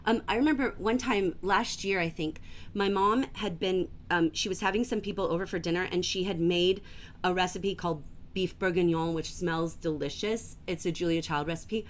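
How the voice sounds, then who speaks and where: A woman teaching a livestreamed literature class from home, enthusiastic and gently emphatic, reading passages aloud slowly. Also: on the low side, slight background noise.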